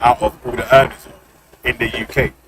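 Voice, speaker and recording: A man's voice: medium pitch, little pitch movement, brisk, a crowd in the background. A man hosting a live stream, insistently arguing his point and repeating "listen" and "yeah" to hold the floor. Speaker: stream host. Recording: background noise.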